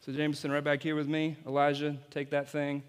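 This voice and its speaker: A man's voice: on the high side, monotone, fairly quick, smooth. A man, apparently a youth pastor, giving an object-lesson sermon and playfully coaching volunteers on stage. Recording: long hall reverb.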